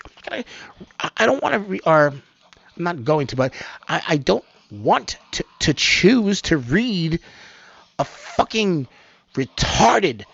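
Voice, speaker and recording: A man hosting a homemade news commentary show, rambling, swearing and laughing, with his voice swinging from low mumbles up to loud outbursts. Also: sing-song, normal speed, gravelly, husky, dry recording, dull audio. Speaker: host of an amateur online news show.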